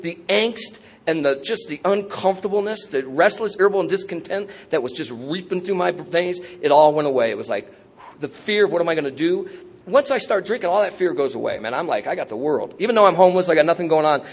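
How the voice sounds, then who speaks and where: Fast-talking man sharing his recovery story. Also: on the high side. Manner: candid, streetwise storytelling with slang and self-mocking humor. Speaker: AA convention speaker. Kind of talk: personal recovery talk. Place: convention speaker session.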